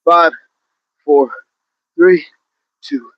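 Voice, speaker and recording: Working out as he talks, a man hosts a live outdoor fitness stream on a hill, counting down reps and greeting chat viewers by name. His fairly high voice stays steady and stretches words out, with no echo and dull-sounding audio.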